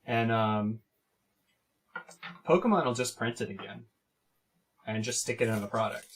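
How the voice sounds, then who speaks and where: A man's voice: mid-range voice, measured pace, slight background noise. A man hosting a card pack opening, talking in an enthusiastic, chatty way. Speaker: host opening card packs. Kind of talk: casual chat.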